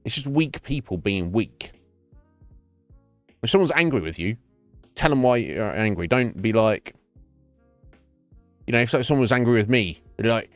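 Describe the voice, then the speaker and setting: A man's voice: medium pitch, expressive, normal speed, pauses often, no room sound, faint music behind. A middle-aged British man chatting casually to his stream, blunt and sweary, rambling with many restarts. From Britain.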